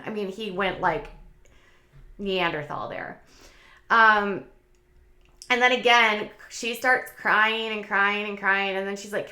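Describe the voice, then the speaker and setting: A woman's voice: medium pitch, moderate pace, pushed and bright, echoey room. A woman hosting a casual commentary channel, talking in a chatty, opinionated way with lots of fillers.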